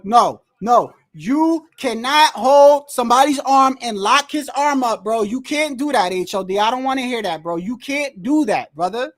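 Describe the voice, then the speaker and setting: Man, high-pitched streamer voice, profane fight reactions, frustrated and animated. Says "bro" a lot. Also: moderate pace, hardly any pauses. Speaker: livestream host watching a boxing match. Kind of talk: excited live reaction commentary.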